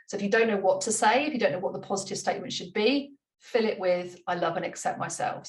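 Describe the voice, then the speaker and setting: A woman walks through a tapping routine in easy, chatty talk, and she laughs at herself now and then. Her pitch sits in the middle range. She is recorded from some distance in a roomy, echoing space. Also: fast talker, hardly any pauses. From United Kingdom. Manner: light-hearted, laughs at herself, repeats gentle instructions. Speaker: money mindset coach. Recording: roomy room, mic at a distance.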